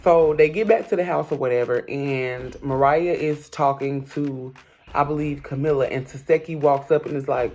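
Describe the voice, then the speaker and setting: A woman's voice: deep voice, normal speed, darkish tone. A woman hosting a casual, gossipy recap of a reality show, talking straight to her viewers in a sassy voice. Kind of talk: casual chat.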